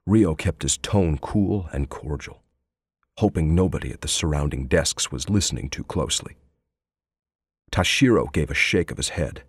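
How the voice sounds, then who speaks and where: A man narrating an audiobook in a measured, even storytelling manner on a close studio mic. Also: rumbling low, husky, dry recording. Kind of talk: scripted narration.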